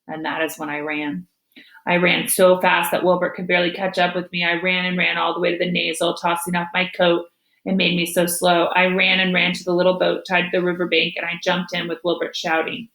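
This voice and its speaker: A woman teacher reading a novel aloud to her students with gentle storytelling. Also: lowish voice, completely flat delivery, fairly quick, creaky, roomy sound, poor audio.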